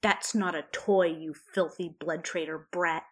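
A woman's voice: fairly low pitch, fairly even intonation, measured pace. A woman voicing a scornful, cruel witch who sneers and taunts in a storybook reading. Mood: sneering.

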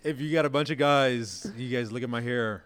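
A young man, a podcast guest and former quarterback, telling stories in a self-mocking, animated way and laughing as he goes. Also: medium pitch, brisk, clear, resonant tone. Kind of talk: casual storytelling.

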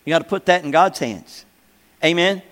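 A man's voice: a little high, lively intonation, moderate pace, fairly bright tone. An older man preaching a sermon, emphatic and repeating phrases, often asking the congregation for an amen. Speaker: pastor. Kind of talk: sermon teaching. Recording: long hall reverb.

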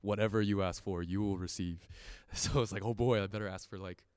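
A man's voice: on the low side, steady tone, fairly quick, darkish tone, clear, resonant tone, dry recording, studio quality. A young man giving an earnest, personal sermon testimony, laughing often as he talks. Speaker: church speaker giving a testimony.

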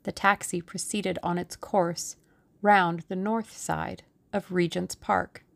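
A woman narrating a novel aloud as an audiobook reader, in a steady, unhurried storytelling manner. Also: fairly low pitch, vocal fry. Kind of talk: scripted narration.

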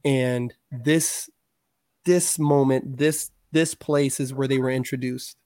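A man's voice: medium pitch, steady tone, slow pace, darkish tone, dry recording, clean studio sound. Man telling stories, loose and profane. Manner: loose, profane storytelling with slang. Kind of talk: casual chat.

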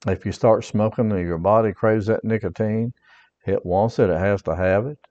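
A man's voice: fairly low pitch, moderate pace, darkish tone, long reverb tail, highs cut off. A man who is a pastor giving an earnest personal testimony sermon, repeating his points and reading scripture aloud.

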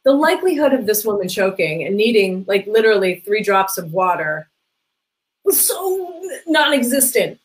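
Speaking a little fast with hardly any pauses, this middle-aged woman has an animated, mid-range voice. She's a parenting coach chatting casually as a podcast guest, full of "like" fillers, briefly imitating those she quotes. Audio quality is poor.

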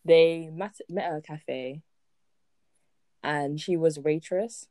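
A woman co-hosting a casual movie review podcast, jokey and quick with interjections. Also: low voice, mellow, a little hiss or hum. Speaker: podcast co-host.

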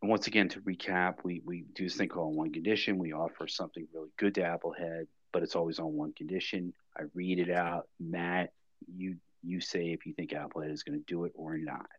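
A man with a deep, husky voice tells a story on a podcast with dry, deadpan delivery. The sound is dull and lo-fi, close and dry. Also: brisk, no echo. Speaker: podcast co-host. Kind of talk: casual chat, storytelling.

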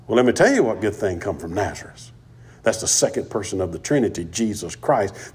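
A man's voice: mid-range voice, breathy edge. A man teaching through a Bible passage, emphatic and repeating key phrases for stress.

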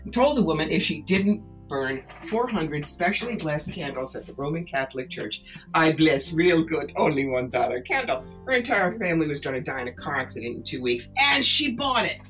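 A psychic and tarot-reading author talks in an interview with an animated, persuasive storytelling drive. Her voice sits very low for a woman. She leans hard on her key words. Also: a little fast, few pauses, faint music behind. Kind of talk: interview conversation.

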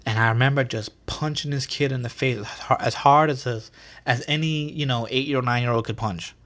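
A man hosting a podcast, telling stories in a casual, animated and profane way full of slang. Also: mid-range voice, fairly quick. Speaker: podcast host. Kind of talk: casual storytelling.

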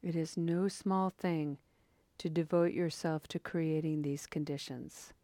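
Meditation teacher, woman, unhurried, gentle and contemplative, sometimes hushed, in a dry room. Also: low voice, fairly even intonation, no echo. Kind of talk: dharma talk and guided meditation.

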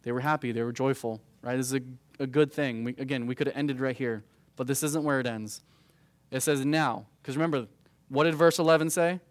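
A man's voice: mid-range voice, steady tone, fairly quick, dry recording. A man in his thirties teaching a youth group verse by verse through a Bible passage, conversational and peppered with "right?" asides. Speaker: youth pastor.

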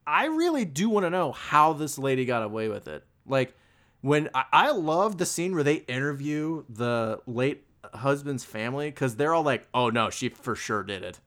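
A man's voice: a little high, very animated, normal speed, a bit bright. Casual young man, chatty storyteller. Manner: chatty, storytelling, lots of "like" fillers. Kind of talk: casual chat.

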